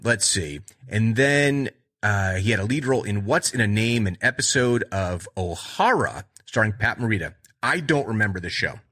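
Husky-voiced man chatting about movies. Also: lowish voice. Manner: rambling, animated retelling with acted-out quotes. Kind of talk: casual movie chat.

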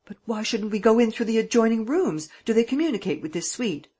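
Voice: mid-range voice, fairly quick, slightly rough, natural voice. A reader voicing a flustered, blustering police sergeant who questions hotel staff, in an audiobook. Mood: agitated. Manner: blustering and undecided, raising the voice.

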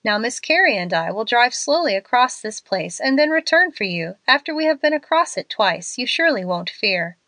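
A woman voicing a calm, gallant young gentleman who speaks in a steady, reassuring, polite way. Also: fairly high pitch, moderate pace, few pauses, no echo, heavily acted.

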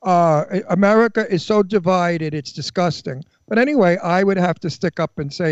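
A man's voice: high-pitched, fairly quick, hardly any pauses, dry recording. A man hosting a radio talk show, speaking bluntly and opinionated, swearing freely. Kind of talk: casual radio chat. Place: radio studio. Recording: dry, dull lo-fi radio studio sound.

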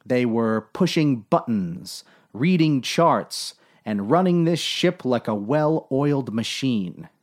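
A man narrating a comic story in a dry, unhurried, deadpan way. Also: medium pitch.

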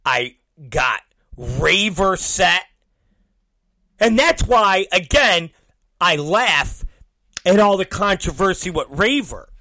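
This is a profane storytelling rant from a man whose bright, lively voice bounces in pitch while he talks slowly. Animated throughout, he voices both sides of each exchange and imitates the people he quotes in a low mumble, cursing constantly. The audio is dry, close, and without room sound.

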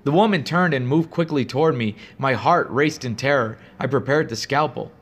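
A man narrating a first-person horror story in a steady, grave, suspenseful way. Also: mid-range voice, moderate pace.

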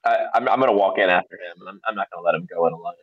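A man's voice: low-pitched, very fast, dull audio. A man casually joking and talking as a player at a tabletop game. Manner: joking, relaxed.

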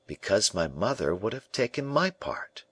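A man's voice: fairly low pitch, very animated, moderate pace, a bit bright, slightly rough, exaggerated voice. A man reading the part of a proud, earnest young male prisoner who presses with searching, defiant questions.

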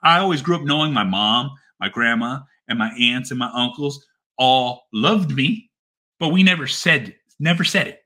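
A man's voice: mid-range voice, animated, moderate pace, bright, forceful tone. A middle-aged man and father giving a candid personal monologue, blunt and heartfelt, swearing heavily and repeating phrases for emphasis. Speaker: father sharing his story.

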